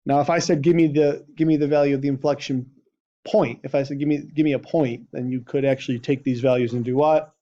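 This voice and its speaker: A math teacher talks fast in a mellow, medium-pitched voice that holds a steady tone. He questions the class throughout, repeatedly asking "right?", in a dull, lo-fi classroom recording.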